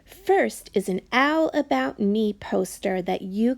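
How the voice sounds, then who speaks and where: A woman librarian reading a picture book aloud to children in a slow, expressive, sing-song way. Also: a little high, vocal fry. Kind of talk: storybook read-aloud for children.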